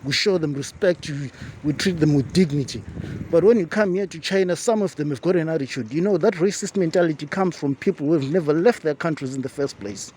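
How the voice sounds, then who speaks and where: A man from Africa telling a personal story to camera as a vlogger, animated and acting out quoted exchanges in a raised voice. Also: fairly high pitch, fairly quick. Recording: urban outdoor noise with passing traffic.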